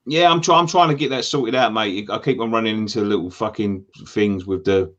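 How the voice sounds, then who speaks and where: A man co-hosting a fan show. He talks in a hesitant, halting way with many fillers and casual swearing. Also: fairly low pitch, fairly bright tone, dull audio. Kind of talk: casual pub-style banter.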